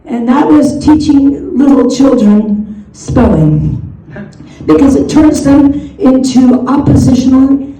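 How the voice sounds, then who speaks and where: A woman's voice: high-pitched, slow, mellow, a little hiss or hum. An older woman doing a stand-up comedy set, self-deprecating and laughing through her own jokes. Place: stage in a room. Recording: echoey room, mic far off.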